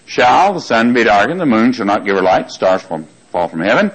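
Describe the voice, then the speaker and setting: A man's voice: on the low side, big pitch swings, a little fast, hardly any pauses, slightly rough, low-quality recording. A man preaching a sermon who reads scripture aloud, quizzes his congregation and repeats lines for emphasis. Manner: reads scripture aloud in King James wording.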